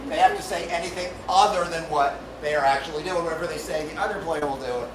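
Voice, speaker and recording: A man hosting and refereeing a live improv comedy show on a theater stage, playful and jokey, now and then shouting to the crowd. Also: on the high side, quick pace. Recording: roomy hall, distant mic, loud noise.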